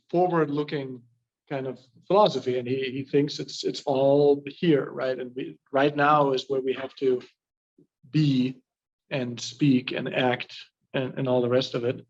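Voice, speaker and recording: A man's voice: medium pitch, fairly even intonation, unhurried. A man leading a group discussion of a reading, talking hesitantly and often checking in with his listeners. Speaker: discussion leader. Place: church meeting room. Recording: dull, muffled room recording.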